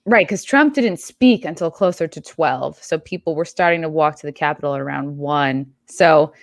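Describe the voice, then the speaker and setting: A woman's voice: low voice, moderate pace, vocal fry, dry recording, studio quality. A young woman guest on a talk show, telling a rambling story in a chatty way with many fillers. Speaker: podcast guest. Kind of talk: casual talk-show chat.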